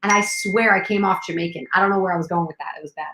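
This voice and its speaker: A woman hosting a casual live chat, animated and talkative, jumping from topic to topic. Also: lowish voice, very fast, reverberant, noisy background. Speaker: host.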